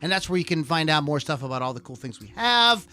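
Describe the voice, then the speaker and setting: A man's voice: on the high side, big pitch swings, fast talker, pushed and bright. A man hosting a live podcast in casual, jokey chat, rambling and correcting himself as he goes. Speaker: podcast host. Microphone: desk mic with camera.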